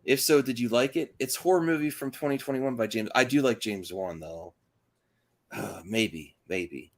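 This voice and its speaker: A man's voice: medium pitch, normal speed. A man co-hosting a casual livestream, reading listener questions aloud and joking around. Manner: lively, jokey, reads mail aloud.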